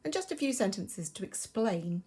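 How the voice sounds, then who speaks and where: English lady teacher explaining a story, animated sing-song voice, bit husky. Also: mid-range voice, moderate pace. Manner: explaining patiently, acting out quotes, expressive. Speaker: primary school teacher. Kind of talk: recorded remote lesson.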